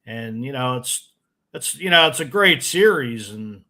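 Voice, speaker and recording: A man hosting an interview, asking rambling, halting questions. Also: mid-range voice, lively intonation, bright, forceful tone. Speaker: show host. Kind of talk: casual interview talk.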